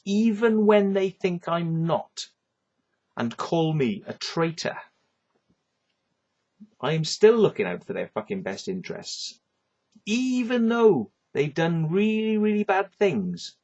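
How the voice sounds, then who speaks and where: Husky man ranting to camera. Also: medium pitch, darkish tone, dull audio. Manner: agitated, repetitive, swearing, tags lines with "right?". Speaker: vlogger.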